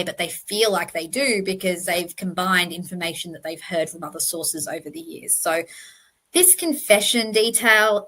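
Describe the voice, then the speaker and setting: A woman's voice: lowish voice, sharp tone. A woman hosting a true crime channel, giving emphatic, passionate commentary over slides and correcting herself as she goes.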